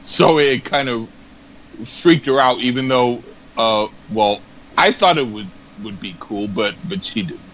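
A man's voice: medium pitch, expressive, fairly bright tone, slight background noise, rough recording. Rambling man in casual chat. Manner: rambling, halting, repeats words. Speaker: podcast co-host.

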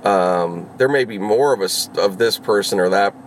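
A man's voice: on the low side, moderate pace, slight background noise. A man rambling casually while vlogging from inside his car as a rideshare driver, full of fillers, restarts and swearing. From Los Angeles.

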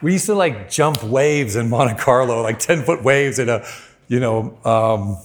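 A man preaching, telling a personal story with lively acted-out quotes. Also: mid-range voice, slow pace. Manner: animated storyteller, acts out quoted lines. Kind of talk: sermon storytelling.

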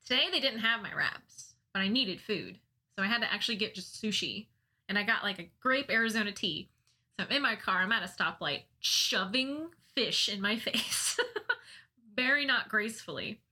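A woman's voice: medium pitch, expressive, normal speed, bright, forceful tone. A woman on a podcast telling funny stories about herself in casual chat, laughing often, self-mocking and swearing now and then. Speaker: podcast co-host.

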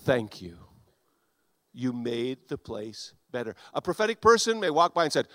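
A man preaching a sermon, animated, acting out quoted voices and swinging between loud and soft. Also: mid-range voice, normal speed, dry recording. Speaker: pastor.

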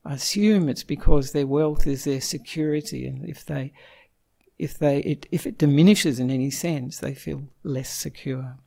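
A man's voice: fairly high pitch, normal speed, vocal fry, dark tone. A man, a Buddhist monk, giving an informal Dhamma talk, chatting with the audience, asking them questions and chuckling often. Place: Melbourne.

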